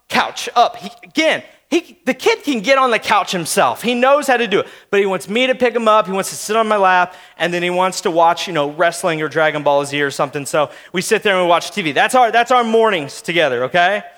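A man in his thirties, a pastor, preaches a sermon by telling family stories in a relaxed, conversational style, addressing his listeners directly. His voice is high-pitched and a bit bright, and he talks quickly with hardly any pauses.

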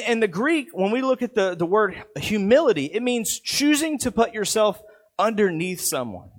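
A man in his thirties preaching a sermon in an earnest, conversational way, with a lot of repetition. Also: sits high. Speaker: pastor.

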